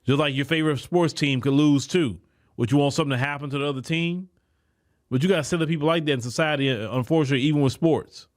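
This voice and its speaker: A man's voice: on the high side, fast. Indignant man hosting a political podcast. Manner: animated, indignant, repeats words when heated. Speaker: podcast host. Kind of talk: political commentary monologue.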